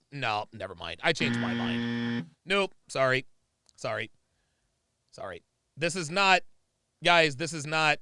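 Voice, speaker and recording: A man hosting a livestream, reacting to a video in loud, excitable commentary and repeating himself. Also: on the high side, creaky, dry recording, studio quality.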